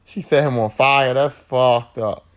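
A man's voice: mid-range voice, steady tone, a little slow. A man hosting a podcast, recapping a horror film in a casual, profane monologue and acting out the characters' lines. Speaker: podcast host.

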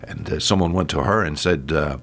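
A man's voice: a bass voice, a little fast, a bit bright, soft background music. An older man hosting a short radio Bible devotional, preaching in an earnest, folksy way and often calling the listener his friend. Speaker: radio preacher and program host.

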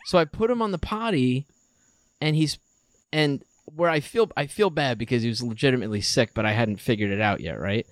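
A man's voice: medium pitch, fairly quick, no echo. A man in his thirties, co-hosting a podcast, telling a story in casual chat and acting out a child's lines. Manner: animated storyteller, acts out a child's voice in quotes. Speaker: podcast co-host.

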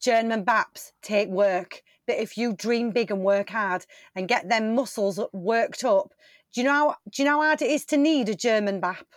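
A woman's voice: on the high side, moderate pace, no room sound, clean studio sound, close to an everyday voice. A woman improvising a bossy veteran baker who confidently makes up facts and swears. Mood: cocky. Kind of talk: improv comedy scene.

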